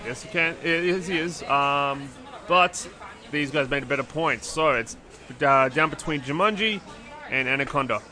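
A man's voice: on the high side, sharp tone. A man acting as host of a casual movie quiz, ruling on answers and keeping score. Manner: judging and scoring, brisk. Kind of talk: casual podcast game.

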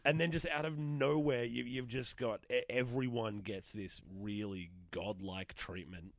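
A man's voice: medium pitch, steady tone, a little slow, no room sound, clean studio sound. A young adult Australian man talking films casually as a podcast host, enthusiastic, swearing freely and restarting often. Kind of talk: casual film discussion.

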